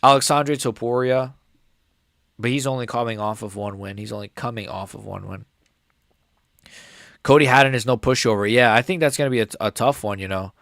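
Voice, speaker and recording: Hosting a live fight reaction chat, this young man rambles casually about fights, leaning on filler words and saying "like" and "bro" a lot. His mid-range voice is gravelly and fairly bright, fairly quick with long pauses, occasionally cracking upward, captured at studio quality with no room sound.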